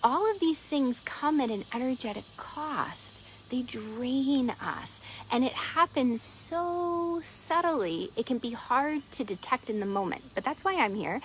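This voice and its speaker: A woman coach telling a parable and guiding listeners through a centering exercise at an unhurried storytelling pace. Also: on the high side, slight background noise, rough recording. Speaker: productivity and meditation coach. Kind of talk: storytelling talk on mindfulness.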